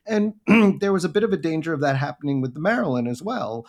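A man interviewing a guest, talking in a thoughtful, halting way, restarting his sentences often as he works through his points. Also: on the high side, animated, darkish tone. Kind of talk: conversational interview.

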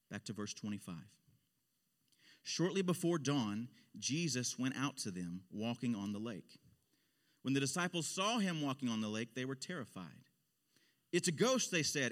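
A man's voice: mid-range voice, sing-song, moderate pace, a bit bright, big-room sound. A male pastor preaching a sermon in an impassioned style, his voice swelling on key phrases. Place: church sanctuary.

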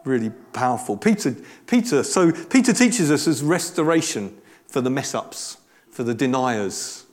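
A man's voice: mid-range voice, sing-song, moderate pace. A man giving a conversational, earnest sermon with frequent restarts. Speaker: preacher.

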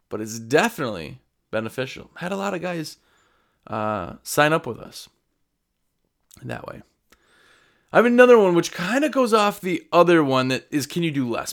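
A man who runs a window cleaning business, giving casual sales advice to camera and acting out exchanges with customers. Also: on the high side. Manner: conversational, acts out customer exchanges.

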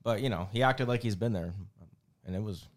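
A young man co-hosts a podcast in laid-back, casual chat. He talks quickly in a fairly low voice and fills his sentences with "you know" and "like.". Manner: fast, easygoing, filler-heavy talk. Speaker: podcast co-host.

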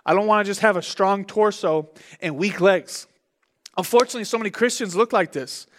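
A young man preaching a sermon as pastor, in an animated, conversational way with big swings in his voice. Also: high-pitched, a little fast, a little hiss or hum.

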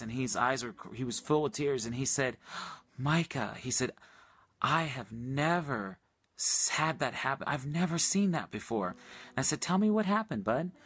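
On a livestream, a man ministering earnestly retells a prayer encounter, storytelling casually with lots of quoted dialogue and excited high points. The recording is dry.

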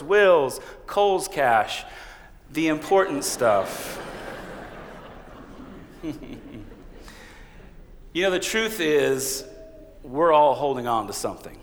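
A man's voice: fairly high pitch, fairly bright tone. A man preaching a sermon as a pastor, conversational and humorous, often laughing. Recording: reverberant hall.

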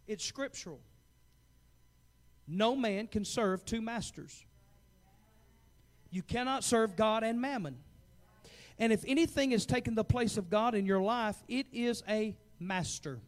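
High-voiced fervent preacher man. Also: a little slow, long pauses. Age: 40s. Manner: fervent preaching, swings from hushed to loud. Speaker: pastor. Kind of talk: sermon.

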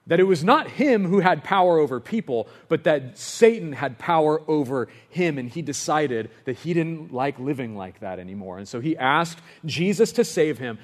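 A young man preaching a sermon, moving from hushed storytelling to loud, impassioned pleading. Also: on the high side. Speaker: pastor.

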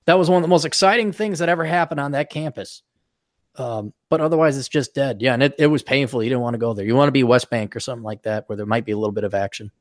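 A man hosting a podcast, telling rambling, animated stories in casual chat with frequent restarts. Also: mid-range voice, fast, dry recording, clean studio sound. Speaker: podcast host.

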